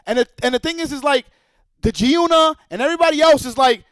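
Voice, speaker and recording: High-pitched guy streamer cussing nonstop, heated rant, dry close sound. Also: fast, a bit bright, no room sound. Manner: profane, heated and repetitive. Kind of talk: livestream rant.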